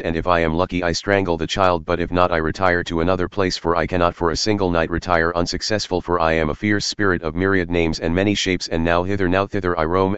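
A man's voice: sits low, fairly bright tone, clean tone, no room sound, dull audio. A man voicing a fierce female night demon who speaks in a defiant, boastful way.

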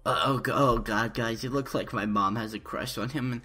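A man's voice: mid-range voice, moderate pace, sharp tone, breathy edge. A young man doing parody let's-play commentary, stammering and overhyped in a mock-earnest way. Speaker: YouTuber.

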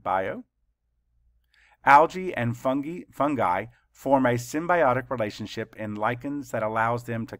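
Slow, deliberate man teaching spelling. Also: mid-range voice, a bit bright, dry recording, studio quality. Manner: slow, deliberate letter-by-letter dictation. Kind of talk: spelling lesson for children.

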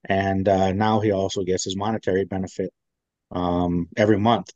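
A man's voice: low-pitched, little pitch movement, normal speed, darkish tone, no echo, muffled recording. A man, a military veteran, telling a long story in a casual interview, rambling with many fillers and restarts. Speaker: guest, veteran.

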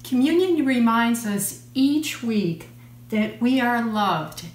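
A woman telling a short story to children to introduce communion, in a gentle, unhurried way. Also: on the high side, lively intonation. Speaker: church communion leader. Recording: echoey room with faint hum.

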